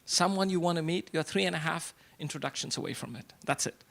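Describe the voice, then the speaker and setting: A middle-aged man speaks from the front of a hall to a business crowd. His voice is raised and gravelly, and he throws the audience rhetorical questions and hammers home short repeated lines. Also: fairly high pitch, fast talker, fairly bright tone. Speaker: event speaker. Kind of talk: motivational speech to a live audience. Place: event hall before an audience.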